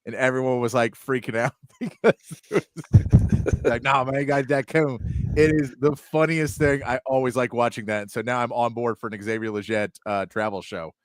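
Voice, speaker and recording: A man with a Texan accent hosting a sports talk show. He is a chatty storyteller who laughs often, and his mid-pitched voice sounds dry and close to the mic. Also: steady tone, moderate pace, no room sound.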